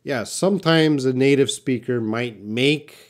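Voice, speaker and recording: A man teaching English live, answering viewer questions one by one. He talks slowly and unhurriedly at a middle pitch, stopping to restart sentences and fill gaps as he works out each explanation. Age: young adult. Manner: slow, patient explaining with restarts and fillers.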